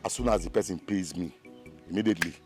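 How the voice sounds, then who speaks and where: An actor with a Nigerian accent playing an excitable, gossipy young village man. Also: low voice, over music, close to an everyday voice. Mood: eager. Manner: excitable, fast-talking. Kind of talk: film acting.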